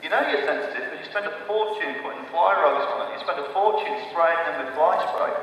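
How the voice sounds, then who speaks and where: A man's voice: fairly high pitch, fast, a bit bright. A man, a horse trainer giving a live demonstration, who talks chattily, digresses and speaks to the horse as he teaches. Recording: echoey arena, distant mic, faint hiss.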